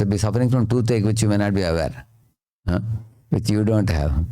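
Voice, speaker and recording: A man's voice: on the low side, mellow. A man with an Indian accent giving a sermon-style talk, often adding "huh?" to check the listeners follow. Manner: frequent tag questions like "huh?".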